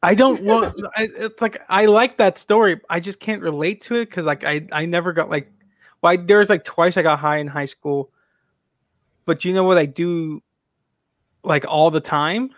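A man's voice: sits high, moderate pace, no room sound, studio quality. A man hosting a casual podcast chat, rambling with many restarts and fillers. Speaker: podcast host.

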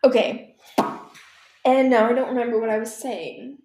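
A woman's voice: on the high side, steady tone, moderate pace, mellow. A teenage girl chatting casually on her own, rambling and swearing with laughing asides. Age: teens. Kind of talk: casual solo chat. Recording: echoey room.

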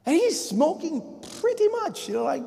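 A man preaching a sermon in a casual, conversational way, telling a story and swinging between loud bursts and hushed, near-whispered passages. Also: extremely high pitch, big pitch swings, moderate pace, vocal fry, noisy background. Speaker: pastor. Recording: long echo of a large hall.

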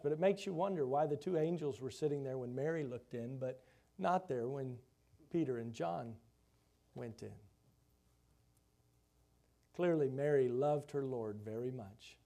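Delivering a sermon in a mid-range voice, this man is unhurried and pauses often. He reads scripture aloud, unpacks it through rhetorical questions, and lets his voice rise loud for emphasis before falling soft.

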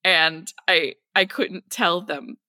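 A woman's voice: lowish voice, takes it slowly, sharp tone, dry recording, studio quality. A woman guest on a podcast, chatting casually and self-deprecatingly, often stumbling over her words. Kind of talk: casual chat.

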